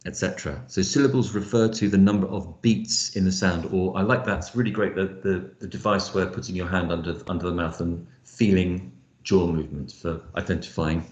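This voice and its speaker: A man's voice: deep voice, darkish tone, roomy sound, lo-fi sound. A man teaching an online phonics lesson, explaining step by step with frequent fillers. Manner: explanatory, thinks aloud with fillers. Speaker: lecturer.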